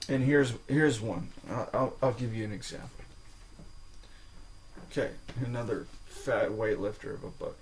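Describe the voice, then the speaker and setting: A man's voice: fairly low pitch, normal speed, a little hiss or hum, poor audio. A man hosting a solo podcast, talking informally, swearing now and then and checking in with the listener with "okay?". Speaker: podcast host. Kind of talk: casual solo podcast talk.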